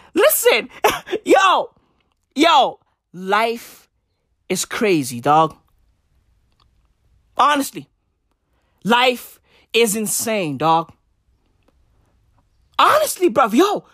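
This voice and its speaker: A woman with a high, wildly swinging voice shouts a profane comic rant full of slang, her voice cracking from the strain. She drags her words out slowly between bursts and sudden whispers. The sound is close and dry, with no room echo. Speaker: comic ranter.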